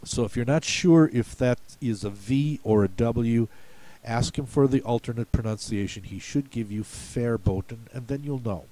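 A man's voice: mid-range voice, moderate pace, mellow. A man from the United States patiently explaining word pronunciations for a spelling lesson, in a folksy, step-by-step way. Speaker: spelling bee coach.

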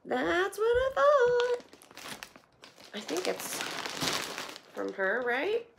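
A woman vlogger opening donation boxes and chatting to her viewers in a gushing, excitable way. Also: extremely high pitch, drawn-out words, gravelly, noisy background. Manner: gushing and excitable, repeats "oh my gosh" and "holy cow". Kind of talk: casual chat to viewers.

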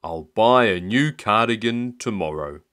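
Dad voicing a slow, mild old grandpa. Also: male voice, lowish voice, lively intonation, a bit bright. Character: easygoing stubborn old grandpa.

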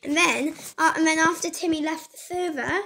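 A woman's voice: very high-pitched, normal speed, gravelly, bright, forceful tone, slight background noise. A woman casually retelling a game story in a rambling, scattered way, recorded on a phone mic. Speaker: gaming vlogger.

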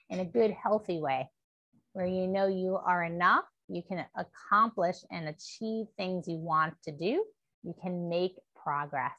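A woman teaching a gentle stretch class, encouraging and upbeat, leading spoken affirmations. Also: mid-range voice, dry recording. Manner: upbeat and encouraging, with laughs and cheers.

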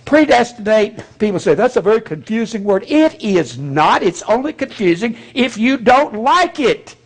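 A man delivers a sermon in a plain, blunt, folksy way, poking fun as he goes. His voice sits a little high and rises and falls widely. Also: very animated, moderate pace. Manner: folksy, blunt, preaching with mocking asides. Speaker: pastor.

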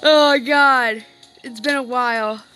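A woman's voice: on the high side, steady tone, takes it slowly, bright, forceful tone, faint music behind. Upset woman rambling over a game. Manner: rambling, self-deprecating. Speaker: let's play gamer. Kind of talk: casual game commentary.

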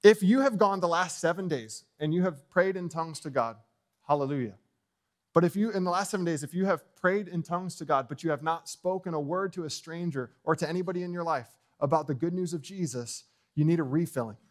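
A man preaching a sermon as pastor in a church, bold and fiery, swinging from loud proclamations to quiet asides and jokes with the congregation. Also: fairly high pitch, a little fast. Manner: joking with the congregation. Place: church sanctuary.

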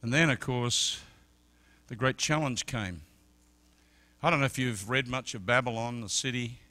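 A middle-aged man preaching a sermon as an evangelist, telling stories and swinging from quiet talk to loud shouted peaks. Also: mid-range voice, moderate pace. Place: church service.

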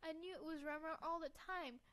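A small, troubled girl's voice, pitched up high and earnest, pleading and polite with the grown-ups around her, as a woman reading a game puts her on. She sounds anxious and eager to help. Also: steady tone, fairly quick, a bit bright.

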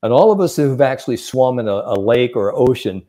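Animated man giving sports mind coaching. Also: mid-range voice, fairly quick. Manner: animated storyteller, acts out quotes. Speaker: sports psychologist guest. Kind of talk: coaching advice in podcast chat.

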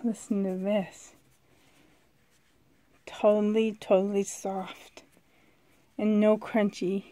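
A woman vlogging casually from a dim room at home, chatty and excitable, sometimes dropping to a whisper, filmed on a handheld camera. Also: mid-range voice, takes it slowly. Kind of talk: casual vlog chat.

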